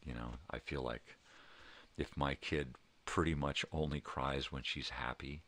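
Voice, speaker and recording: A man's voice: very deep voice, steady tone, unhurried, a bit bright. An older man talking in a rambling, profane monologue, emphatic and heartfelt, with many "you know"s. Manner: emotional, heartfelt. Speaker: vlogger. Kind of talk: casual monologue.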